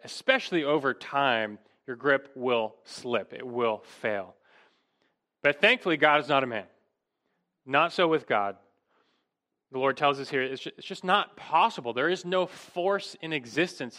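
A man's voice: on the high side, pushed and bright. A man preaching an expository sermon, emphatic and full of rhetorical questions. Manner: emphatic, rhetorical questions, rising to stress key words.

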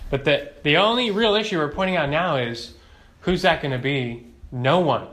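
A man's voice: a little high, pushed and bright. A man teaching a doctrinal Bible lesson, emphatic, asking rhetorical questions and repeating key phrases.

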